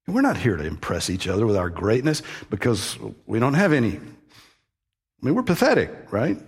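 A man's voice: fairly low pitch, very animated, fast talker, slightly rough. A man preaching a sermon in a conversational teaching manner, stressing key words and often restarting phrases. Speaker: pastor.

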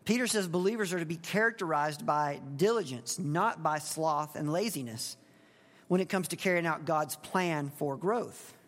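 A man's voice: on the high side, normal speed, a bit bright. Man preaching in a reverberant hall. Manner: conversational, asks the congregation questions. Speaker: pastor. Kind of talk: expository sermon.

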